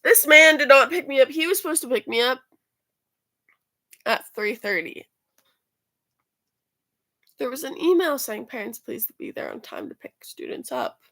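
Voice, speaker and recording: Woman vlogger, rambling casual storyteller, swears a lot; bit high, gravelly fry. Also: animated, normal speed, long pauses, bright, forceful tone. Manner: swears freely, rambling with fillers and restarts. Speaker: student vlogger.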